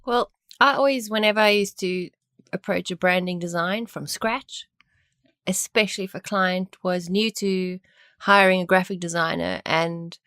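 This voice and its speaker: A woman's voice: fairly low pitch, normal speed, fairly bright tone, smooth, dry recording, studio quality. A woman co-hosting a design podcast, casually sharing how she works with clients. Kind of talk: casual chat.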